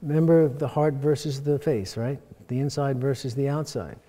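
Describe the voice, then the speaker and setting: A man's voice: medium pitch, fairly even intonation, normal speed, warm tone. Man teaching in a reverberant hall. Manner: earnest, emphatic teaching with scripture references. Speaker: workshop speaker. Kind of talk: conference workshop teaching. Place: conference hall.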